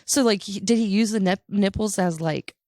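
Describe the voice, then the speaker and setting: A woman co-hosting a casual podcast, reacting with groans and quick quips. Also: mid-range voice, a little mellow, no echo, studio quality. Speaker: podcast co-host.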